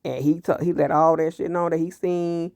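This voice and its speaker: A man recapping a TV series episode in casual, animated commentary, blunt and full of profanity. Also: on the high side, normal speed, clean tone, no room sound, clean studio sound. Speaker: TV show reviewer.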